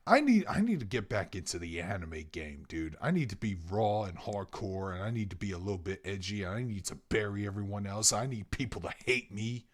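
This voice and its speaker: Young man, profane ranting, swinging pitch, emphatic, casual podcast chat. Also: animated, brisk. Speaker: podcast co-host.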